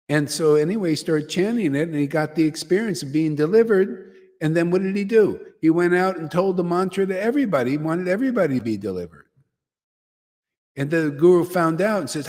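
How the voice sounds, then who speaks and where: A man's voice: on the high side, lively intonation, normal speed, a little mellow, big-room sound. A man giving an informal devotional talk to a gathering, exclamatory and enthusiastic, often breaking into laughter. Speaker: devotional teacher leading a satsang.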